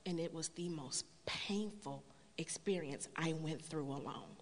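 A woman telling her personal story to a church congregation in an earnest storytelling way, building to a loud, emphatic appeal. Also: sits low, unhurried, a little hiss or hum. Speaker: church speaker sharing testimony. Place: church sanctuary. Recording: long hall reverb.

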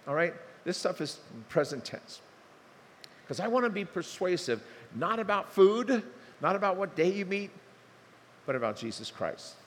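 An older man preaching a sermon, telling stories in a lively, conversational way, acting out dialogue with humor. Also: sits high, a little hiss or hum. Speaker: pastor. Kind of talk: sermon storytelling. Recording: long hall reverb, faint ambience.

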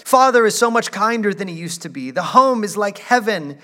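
A man voicing a joyful little girl from a classic storybook, speaking high and eager as she brings her brother home. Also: expressive, fairly quick, sharp tone. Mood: gleeful. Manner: high, eager, breathless delight.

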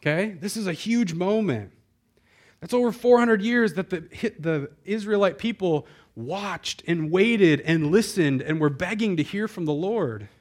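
Man preaching, conversational, slightly high voice. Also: expressive, a little slow. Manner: conversational, addresses the congregation directly. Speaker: pastor. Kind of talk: sermon. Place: church before a live congregation.

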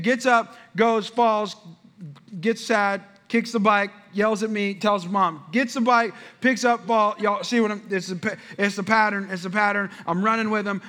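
A man preaching with a high, bright voice. He tells his story with energy and keeps turning to the congregation. His lively delivery swings between loud, fast bursts and soft asides. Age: adult father. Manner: animated storytelling, addresses the crowd. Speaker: pastor. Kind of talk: sermon.

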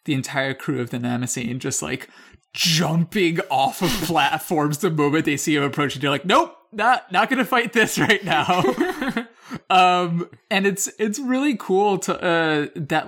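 A man's voice: fairly high pitch, a bit bright. A young man co-hosting a casual film discussion, rambling through many fillers, laughing as he talks and swearing casually. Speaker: podcast co-host.

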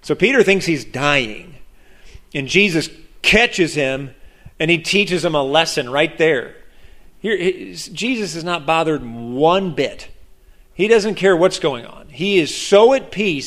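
A pastor preaches a sermon in a slightly high voice. He's animated, acting out the people in his story, and often halts mid-sentence to restart before moving on.

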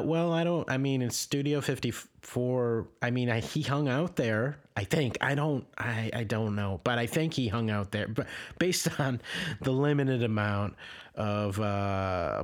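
Slow, rambling deadpan man. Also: mid-range voice. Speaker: podcast comedian. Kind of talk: improvised comedy bit.

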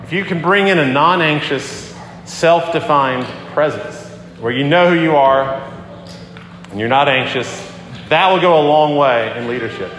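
Man, pastor, sermon, conversational storytelling, fairly high voice, echoey hall. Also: measured pace, slight background noise. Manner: conversational, animated storytelling with acted-out quotes. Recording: echoey hall with long reverb.

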